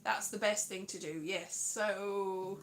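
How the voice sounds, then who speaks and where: A woman's voice: medium pitch, steady tone, slow. A British woman hosting a casual live stream, chatting playfully and drifting into sing-song. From United Kingdom.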